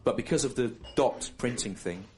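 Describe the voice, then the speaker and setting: A man performing a stand-up routine on stage, deadpan and digressive, talking straight to members of the audience. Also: mid-range voice, normal speed. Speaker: stand-up comedian. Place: comedy venue, live on stage. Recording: noisy live venue recording. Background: audience laughter.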